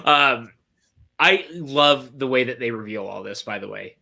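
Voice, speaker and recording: A man's voice: medium pitch, expressive, measured pace, creaky, bright, forceful tone. A man hosting a casual movie watch-along chat, enthusiastic and teasing, with occasional swearing. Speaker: podcast host.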